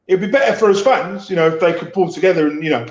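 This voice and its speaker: A man's voice: high-pitched, fast talker, echoey room, lo-fi sound. A man from England chatting casually about boxing, blunt and mocking, swearing freely. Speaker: podcast panelist.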